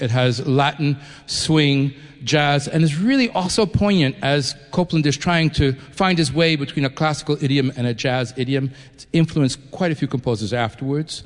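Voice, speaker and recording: A man's voice: fairly high pitch, normal speed. Chatty man addressing a concert hall. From New York. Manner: enthusiastic, chatty, with frequent restarts. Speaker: orchestra executive addressing a concert audience. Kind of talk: live speech to an audience. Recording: long hall reverb.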